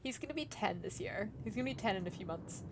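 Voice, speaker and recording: A woman's voice: mid-range voice, lively intonation, fast talker, background noise. A chatty, giggly woman, musing aloud as she streams herself playing a game. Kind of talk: casual live-stream chat while gaming.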